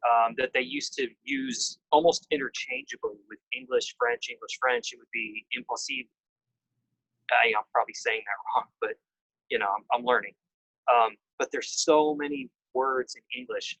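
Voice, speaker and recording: A man's voice: medium pitch, gravelly, no echo, poor audio. Casual man riffing on theories. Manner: excited, rambling, drops casual swearing. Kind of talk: casual group chat.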